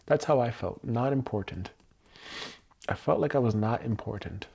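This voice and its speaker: A man hosting a tapping livestream, speaking slowly and candidly about his past feelings in a personal, reflective way. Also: mid-range voice, vocal fry, mellow, slightly rough. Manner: slow, candid, searching self-reflection. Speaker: EFT tapping livestream host. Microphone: livestream mic.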